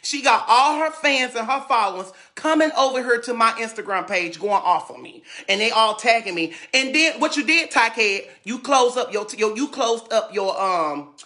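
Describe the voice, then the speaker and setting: A man's voice: extremely high pitch, expressive, normal speed, hardly any pauses, pushed and bright. A man from St. Louis ranting dramatically on a livestream, sassy and repetitive, often stumbling over his words. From St. Louis, USA. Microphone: phone.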